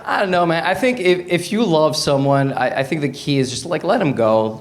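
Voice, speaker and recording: Canadian male comic in his forties, high voice, wry, plays both sides of a couple's fights, noisy live room. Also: lively intonation, moderate pace, few pauses. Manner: wry, acts out both sides of marital arguments. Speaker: stand-up comedian. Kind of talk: stand-up routine. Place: comedy stage before a live audience.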